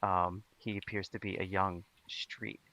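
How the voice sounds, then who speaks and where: A man narrating as game master of a tabletop role-playing game, halting and full of restarts. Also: sits low, flat delivery, sharp tone.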